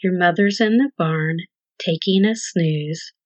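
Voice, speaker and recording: A woman voicing a calm, lazy male goat who talks in an unhurried way. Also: on the low side, dry recording. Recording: dull lo-fi dry recording.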